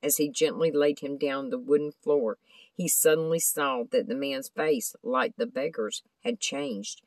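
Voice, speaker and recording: A woman's voice: low-pitched, animated, measured pace, no room sound, rough recording. Woman reading a storybook aloud. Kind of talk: scripted narration of a children's book.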